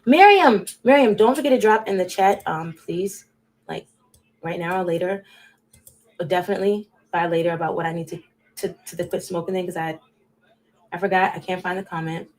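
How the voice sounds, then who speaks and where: A woman's voice: fairly low pitch, brisk. Casual woman livestreamer, rambling and talkative, addressing chat directly, volume jumping between bursts and mutters. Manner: rambling, chatty, talks straight to chat viewers; drifts between loud bursts and muttered asides. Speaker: livestream host.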